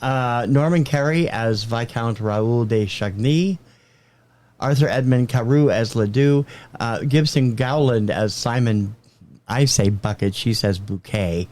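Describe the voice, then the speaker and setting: A man's voice: medium pitch, measured pace, darkish tone. A man co-hosting a podcast, reading out cast credits and giving film facts in a matter-of-fact way. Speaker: podcast co-host. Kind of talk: casual film review chat.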